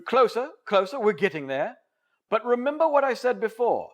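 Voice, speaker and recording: A man's voice: high-pitched, sing-song, moderate pace. A man in a put-on English accent narrating a training video in a playful, theatrical and emphatic way.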